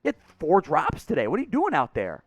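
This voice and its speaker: A man hosting a sports show, ranting in frustration, his voice going hoarse. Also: a little high, huge pitch swings, brisk, dry recording. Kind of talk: fired-up sports commentary.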